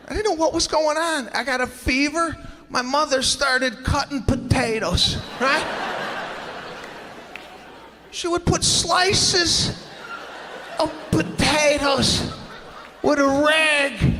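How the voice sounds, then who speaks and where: High-pitched, exasperated stand-up comedian. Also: male voice, a little hiss or hum. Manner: animated, exasperated storytelling with shouted punchlines. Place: large live comedy venue. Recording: live stage with hall echo and crowd.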